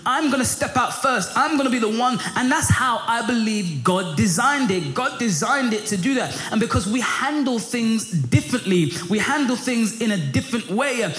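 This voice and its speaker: A middle-aged man preaching a sermon in a lively, passionate way. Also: normal speed, few pauses. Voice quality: high for a man, lively and passionate, rising when pressed. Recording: echoey room with faint music.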